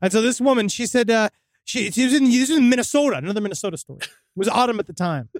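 A man's voice: very high voice, lively intonation, rapid-fire, dry recording, studio quality. A man co-hosting a casual podcast, loosely retelling ghost stories with jokes and asides. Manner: loose, jokey retelling with mock broken grammar. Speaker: podcast co-host.

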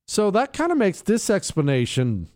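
Sarcastic, combative male talk radio host. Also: moderate pace. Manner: lively pitch swings, stressing words. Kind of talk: opinionated political talk radio monologue.

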